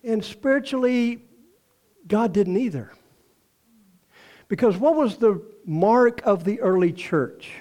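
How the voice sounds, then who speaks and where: An older man with a Texan drawl delivers a folksy sermon. His voice sits high for a man, and he breaks into playful acted voices and chuckles as he tells the story. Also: lively intonation, takes it slowly, pauses often, warm tone. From Texas. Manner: folksy storytelling, acts out quoted voices, laughs often. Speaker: pastor.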